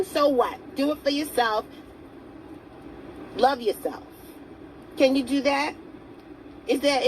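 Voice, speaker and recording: A woman's voice: sits high, slight background noise, low-quality recording. Earnest, coaxing motivational woman vlogger. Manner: earnest, coaxing, asks viewers direct questions; greets viewers by name mid-talk. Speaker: self-help vlogger. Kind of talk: motivational talk to camera.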